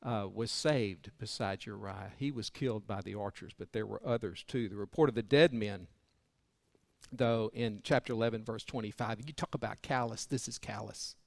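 Preacher swinging from loud to hushed. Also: male voice, lowish voice, moderate pace, creaky, dry recording. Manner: folksy, personal storytelling. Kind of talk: sermon.

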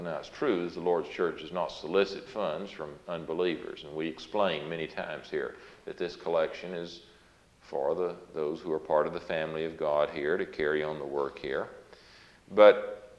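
Deep-voiced guy preaching through bible verses, earnest, dull old echoey recording. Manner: earnest, explanatory, reads scripture aloud with emphasis. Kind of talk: Bible study sermon.

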